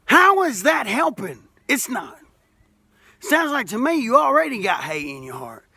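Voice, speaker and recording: High, animated Alabama man, faint noise. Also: a little slow, creaky, husky. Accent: Southern US, Alabama. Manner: folksy, plainspoken, repeats himself, rising to emphatic. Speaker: masonry worker speaking to camera. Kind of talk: impassioned monologue to camera.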